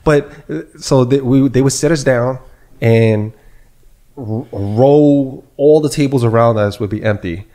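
A man hosting a casual podcast chat, telling a story in an animated way and acting out the people he quotes. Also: medium pitch, measured pace. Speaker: podcast host.

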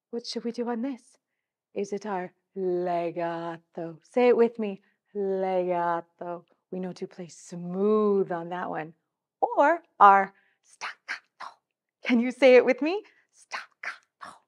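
A woman's voice: medium pitch, dark tone. Upbeat woman teaching a children's music class. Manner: upbeat, coaxing, slow and clearly articulated. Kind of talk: children's music lesson with call-and-response.

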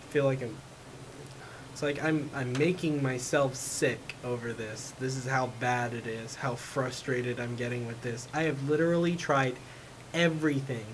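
A man vlogging at home, rambling in a frustrated way with lots of fillers and a voice he says is going. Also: medium pitch. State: losing his voice. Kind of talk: casual rambling vlog. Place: home room with his cat. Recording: noisy home recording.

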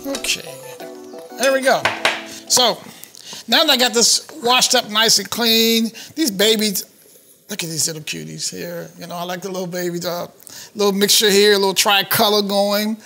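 A chef talks viewers through his cooking in a chatty, excited way. The man's voice sits high and rings bright and forward. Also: moderate pace, gravelly, faint music behind. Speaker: chef hosting a cooking show. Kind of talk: cooking demonstration.

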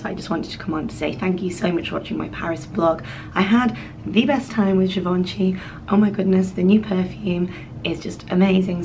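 A woman vlogger with a cold-roughened, hoarse voice, chatting to camera in a rambling, apologetic way. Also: on the low side, darkish tone, rough recording. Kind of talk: casual vlog chat to camera.

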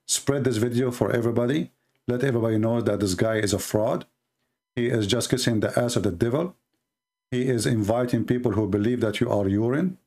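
A man's voice: mid-range voice, creaky, darkish tone. A man hosting live commentary on video clips, speaking with indignant, emphatic repetition. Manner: indignant, emphatic, repeats words for stress. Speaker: religious commentary host.

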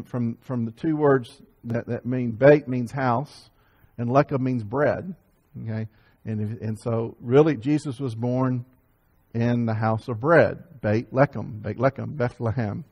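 A man preaching a Sunday sermon to his congregation, often repeating and restarting words and building to loud emphatic peaks. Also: medium pitch, dull audio. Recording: sermon audio over slides.

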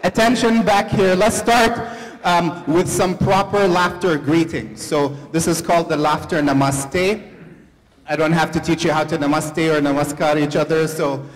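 A man's voice: a little high, fairly even intonation, moderate pace. A man leading a laughter yoga workshop for a live group, playful and coaxing, speaking into a handheld microphone. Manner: playful, upbeat, coaxing a crowd. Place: large hall before a live audience. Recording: echoey hall, faint crowd noise.

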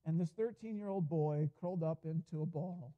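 A man's voice: on the high side, normal speed, muffled recording. A man pastor preaching a sermon in a church, telling a story in an earnest way, often starting with "and, uh". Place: church sanctuary.

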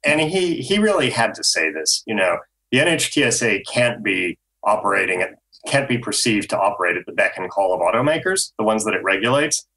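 A man on a podcast panel, an automotive journalist explaining news in a measured way with frequent ums. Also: on the low side, lively intonation, pushed and bright, low-quality recording.

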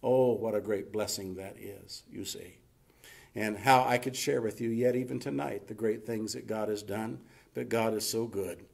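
A man's voice: fairly low pitch, steady tone, normal speed, gravelly, a little mellow, breathy edge. A man preaching a sermon in a church as pastor, folksy and emphatic, often closing a thought with "you see". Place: church sanctuary.

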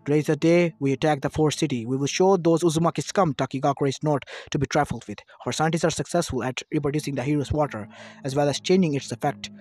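A man's voice: fairly high pitch, fast talker, darkish tone, natural voice. A man voicing an arrogant, bitter male village leader who speaks boastfully and taunts. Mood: scheming.

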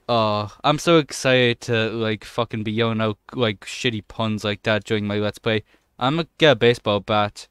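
A young man giving a casual, jokey let's-play commentary, excitable and swearing often as he plays. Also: on the low side, normal speed, clear, resonant tone, dry recording, studio quality. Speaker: gaming channel host.

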